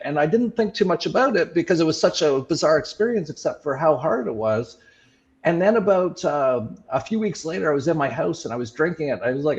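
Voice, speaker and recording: A man shares a personal story in relaxed conversation, stopping and restarting his sentences with plenty of fillers. His voice sits at an ordinary middle pitch. The audio is a little dull, as if through a modest lo-fi setup. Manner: halting, many fillers and restarts. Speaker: show host sharing his experiences. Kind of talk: casual reflective storytelling.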